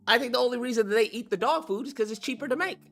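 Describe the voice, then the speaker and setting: A young man talking casually to his viewers as host, telling stories in an excitable, profane way. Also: very high voice, rapid-fire, creaky. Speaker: streamer host.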